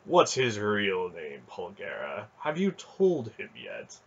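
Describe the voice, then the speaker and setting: Storybook villain: a man doing a scarred sorcerer priest, slow and mocking, husky tone, dull lo-fi sound. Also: lowish voice, wildly swooping pitch, full character voice.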